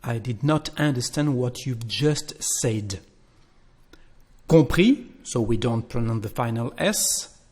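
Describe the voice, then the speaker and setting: Slow, patient male teacher. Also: medium pitch, darkish tone. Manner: patient, repeats phrases slowly for learners. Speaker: French teacher. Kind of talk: slow spoken language lesson.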